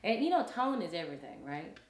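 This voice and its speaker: Low-voiced woman in a roomy echo. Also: very animated, fast talker, a little mellow. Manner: earnest, playful, explaining. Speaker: podcast co-host. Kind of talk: casual chat.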